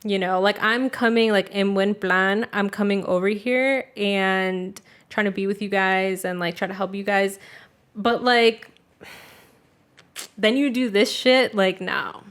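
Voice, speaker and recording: In casual podcast chat, a young adult woman curses freely, fills her speech with "like," and voices the people in her family stories as she quotes them. The voice is medium-pitched, steady, fairly bright and clean, at a measured pace.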